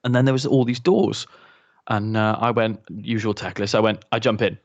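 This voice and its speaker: A man's voice: lowish voice, steady tone, normal speed. A man co-hosting a podcast, chatting casually and chiming in with jokes and memories of past games. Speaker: podcast co-host. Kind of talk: casual chat. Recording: dull lo-fi recording.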